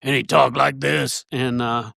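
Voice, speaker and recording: A man with a gravelly, mid-range voice tells a winding story, restarting his sentences as he goes. He speaks casually and with animation as a church elder guesting on a podcast. The sound is dry and close. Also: medium pitch, fairly even intonation, measured pace, bright, forceful tone, no echo.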